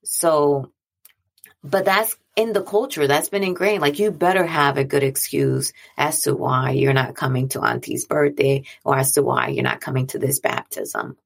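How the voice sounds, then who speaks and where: Low, gravelly woman, earnest and conversational. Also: moderate pace. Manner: earnest, conversational, repeats phrases for emphasis. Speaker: speaker on mental health and boundaries. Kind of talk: reflective monologue.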